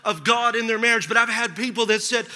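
Bright high-voiced preacher in a reverberant hall. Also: male voice, brisk. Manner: lively storytelling with laughs and punchy asides. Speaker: pastor. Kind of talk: sermon. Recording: large hall with long reverb.

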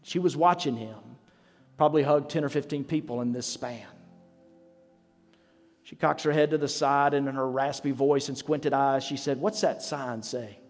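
A pastor preaches in a church sanctuary at a normal pace, his mid-range voice keeping a fairly even intonation as he tells stories conversationally. Faint music and a long hall reverb fill the recording.

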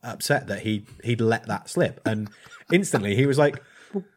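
A blacksmith telling a rambling, hesitant story in casual chat. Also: male voice, on the low side, moderate pace, a little mellow. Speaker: blacksmith and podcast co-host.

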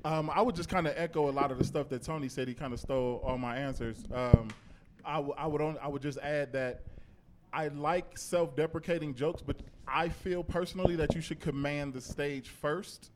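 A man's voice: on the high side, steady tone, normal speed, background noise. A man giving hesitant feedback on a comedian's set. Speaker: comedy judge.

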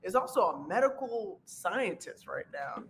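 A man co-hosts a podcast, cutting in with quick, teasing remarks during casual banter. His voice sits high and sounds bright and forward. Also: sing-song, a little hiss or hum. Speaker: podcast co-host.

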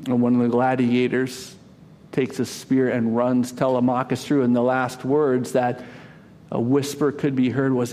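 A man preaching a sermon, telling a story dramatically, rising to loud cries and dropping to a hush. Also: medium pitch, level tone, measured pace, slight background noise. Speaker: pastor.

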